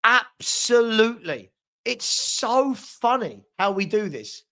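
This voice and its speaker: A man's voice: high-pitched, big pitch swings, takes it slowly, bright, forceful tone. A young man hosting a live football watchalong, reading out viewer comments with sarcastic banter. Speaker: fan channel host.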